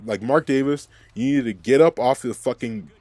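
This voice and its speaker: A man's voice: medium pitch, moderate pace, warm tone, no room sound. A man hosting a fan recap podcast, ranting in an angry, profane, rambling way. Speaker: podcast host.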